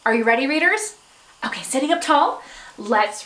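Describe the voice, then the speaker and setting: High-pitched woman teacher reading to kids, slow and encouraging, echoey room. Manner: slow, encouraging, expressive read-aloud. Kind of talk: children's reading lesson.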